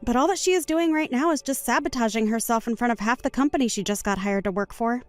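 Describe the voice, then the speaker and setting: A woman voicing a calm, composed young woman wronged at a wedding, speaking in a measured, firm way in a voiced story drama. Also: fairly high pitch, no echo, faint music behind, natural voice.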